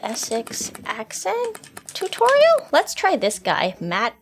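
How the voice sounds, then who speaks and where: Lively Canadian woman, playful and self-mocking. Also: sits high, slow pace, soft background music. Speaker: YouTuber. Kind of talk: comedic vlog.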